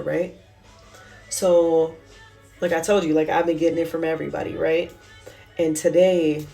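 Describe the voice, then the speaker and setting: A woman speaks an informal devotional in a lowish, candid voice. She talks in a loose, conversational way, emotional and plain-spoken. Faint music plays behind her. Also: darkish tone. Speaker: Christian speaker.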